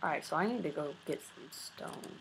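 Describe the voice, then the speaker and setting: A man's voice: a little high, lively intonation, moderate pace, gravelly, noisy background. A young male gamer in his teens, chatting casually over a game and barking orders at his partner. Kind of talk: casual gaming commentary.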